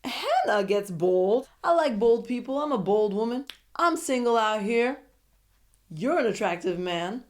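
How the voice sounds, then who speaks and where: A woman's voice: fairly high pitch, big pitch swings, a little slow. Sassy, opinionated young woman vlogger. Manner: sassy, opinionated, frequent laughs and asides. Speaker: show recap vlogger. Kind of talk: casual recap commentary.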